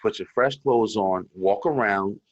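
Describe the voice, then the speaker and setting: A man's voice: on the low side, unhurried, lo-fi sound. A young adult man co-hosting a casual chat, telling loose, profane stories and acting out what people said. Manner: loose, profane storytelling with acted-out quotes. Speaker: co-host.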